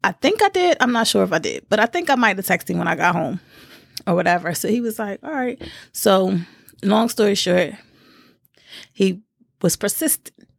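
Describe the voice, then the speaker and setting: A woman in her thirties spins a casual storytime, full of slang and sudden high-pitched jumps when she acts out what people said. Her voice has a gravelly fry to it, recorded close and dry with no room sound. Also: expressive, normal speed, long pauses, no echo. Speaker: vlogger.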